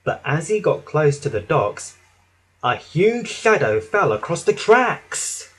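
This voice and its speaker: Slow, lively male storyteller. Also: fairly high pitch, slightly rough. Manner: expressive, dramatic reading. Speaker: narrator. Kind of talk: storybook reading for children.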